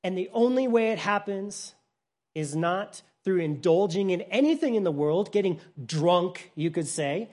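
This is a Bible teacher delivering a sermon at a mid-range pitch. The delivery rises to loud emphasis, then drops to near-hushed softness. Explanations are plain and simple, with frequent restarts. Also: lively intonation, a little slow.

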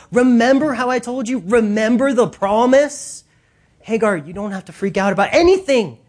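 A man preaching a sermon in an animated, casual way, using slang and acting out voices. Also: high voice.

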